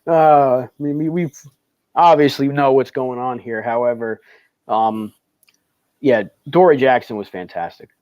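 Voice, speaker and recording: A man's voice: medium pitch, a little slow, darkish tone, no echo, lo-fi sound. A young man co-hosting a casual sports post-game show who laughs often and reads out live chat comments. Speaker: podcast co-host.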